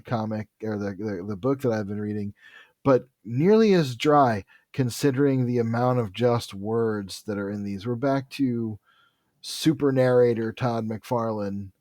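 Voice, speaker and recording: A podcast co-host in his forties with a dry, wry sense of humor, chatting casually and trailing off softly. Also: medium pitch, a little slow, dry recording. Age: 40s. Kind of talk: casual chat.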